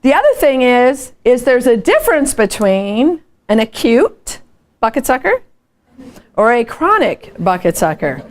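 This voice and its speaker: A woman giving a lively motivational workshop talk, telling stories with rhetorical questions. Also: a little high, unhurried. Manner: animated storytelling, frequent rhetorical questions. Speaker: workshop speaker. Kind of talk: live motivational training talk.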